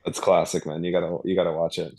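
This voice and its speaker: A man's voice: low voice, little pitch movement, quick pace, warm tone, breathy edge, no room sound. A man co-hosting a casual post-game stream, easygoing and slangy, often restarting his sentences. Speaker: co-host.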